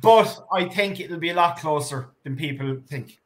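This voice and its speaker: A man's voice: on the high side, moderate pace. An Irish man who leads a supporters club, chatting on a podcast in short, blunt answers. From Ireland. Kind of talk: casual podcast chat.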